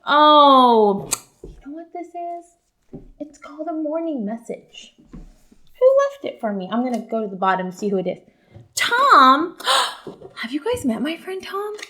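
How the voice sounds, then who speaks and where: A young woman, a kindergarten teacher, talks to young children in an animated, upbeat way during a lesson. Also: high-pitched, measured pace. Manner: animated and upbeat, talking to kids.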